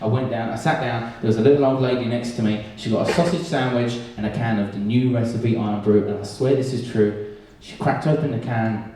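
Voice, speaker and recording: A man from England doing a sweary, animated stand-up set, telling stories and slipping into character voices. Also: mid-range voice, a little hiss or hum. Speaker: stand-up comedian. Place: comedy club stage with audience. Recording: echoey live room, distant mic.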